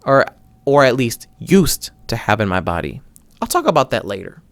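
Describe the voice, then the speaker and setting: A man's voice: mid-range voice, big pitch swings, moderate pace, creaky, no room sound. A young man hosting his own show, telling a personal story in a rambling, casual way, with restarts and some swearing. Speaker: podcast host.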